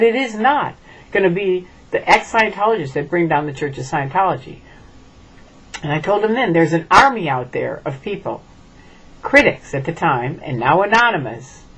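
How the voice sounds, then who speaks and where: A woman's voice: lowish voice, husky, low-quality recording. A middle-aged woman from the United States gives an emphatic direct-to-camera message and keeps checking in with "okay?". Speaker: former member speaking out.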